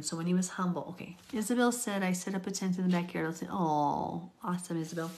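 A woman's voice: fairly low pitch, a little fast, fairly bright tone. Earnest woman reading and teaching scripture. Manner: earnest, pleading, sometimes whispered. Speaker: Bible teacher.

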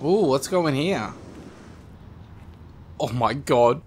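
A man doing excited game commentary, yelling and laughing as he plays. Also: medium pitch, slow pace. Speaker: gaming YouTuber. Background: game music.

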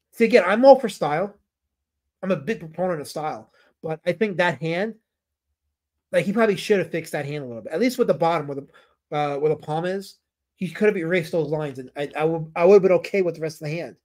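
A man's voice: high voice, lively intonation, fairly quick, darkish tone. A man hosting a casual livestream about comic artists, rambling, answering his chat and putting on playful mock outrage.

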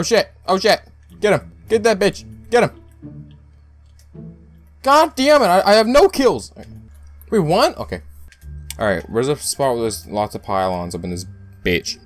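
A young man giving live gameplay commentary, excitable and full of loud outbursts and swearing. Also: medium pitch. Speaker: gaming YouTuber.

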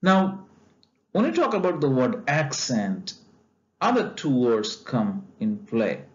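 Slow, deliberate male lecturer, lo-fi sound. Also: mid-range voice, sing-song. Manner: slow and deliberate, frequent fillers and restarts. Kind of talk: explaining a textbook chapter.

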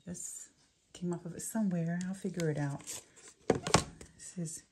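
A crafting vlogger with a medium-pitched, unhurried voice gushes and giggles her way through a casual unboxing chat. Paper crinkles over clearly audible background noise.

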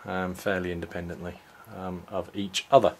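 A man casually walking through a toy set, unhurried, with many ums and restarts. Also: sits low, little pitch movement. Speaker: toy reviewer. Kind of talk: casual product walkthrough.

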